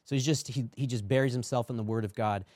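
A man's voice: medium pitch, fast, a little mellow, no echo. Middle-aged male podcast guest, earnest testimony storyteller, dry recording. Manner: earnest storytelling, acts out quoted dialogue. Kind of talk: testimony in casual chat.

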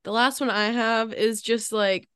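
A young woman co-hosting a podcast, talking in casual chat full of "like" fillers and quick laughs. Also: on the high side, fairly even intonation, fairly bright tone, clear, resonant tone, no echo, clean studio sound. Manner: chatty, frequent "like" fillers, laughs often. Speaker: podcast co-host.

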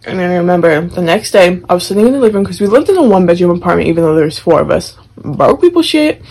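A young woman co-hosting a podcast, telling a story in casual chat, animated and profane, often laughing. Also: lowish voice, very fast, husky, poor audio. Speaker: podcast co-host.

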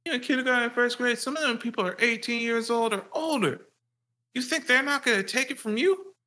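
A man acting out his angry father scolding and threatening him as a small boy, profane and yelling. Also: very high voice, brisk, voice pushed up. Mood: menacing. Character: furious strict father scolding his young son.

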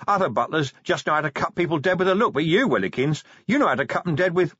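Man voicing a shaken watch commander, husky, lively pitch, dry slightly dull recording. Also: no room sound, exaggerated voice. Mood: giddy. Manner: giddy, fast, half-joking under shock. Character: shaken, giddy middle-aged male watch commander.

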